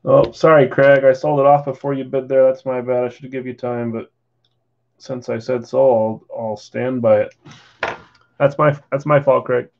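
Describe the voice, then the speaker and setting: Over slightly dull lo-fi stream audio, a tired, yawning man runs a live card break, casually talking as he announces bids and sales. He has a gravelly, medium-pitched voice with flat delivery at normal speed.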